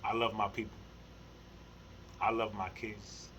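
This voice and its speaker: A middle-aged man in a casual spiritual monologue to camera, rambling and repeating words, with heavy slang and swearing, earnest, with soft laughs between thoughts. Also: fairly low pitch, level tone, measured pace, slight background noise, low-quality recording. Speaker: spiritual vlogger.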